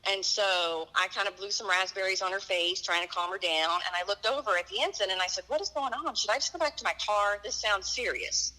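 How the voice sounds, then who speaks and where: Bright-voiced woman telling her story. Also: medium pitch, fairly quick, few pauses, low-quality recording. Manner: earnest, vivid retelling with quoted dialogue. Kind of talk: personal storytelling.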